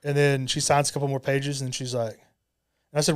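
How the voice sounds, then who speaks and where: Clear-voiced man spinning a story. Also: medium pitch, flat delivery, fast talker. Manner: storyteller acting out quoted dialogue. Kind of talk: casual podcast chat. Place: podcast studio.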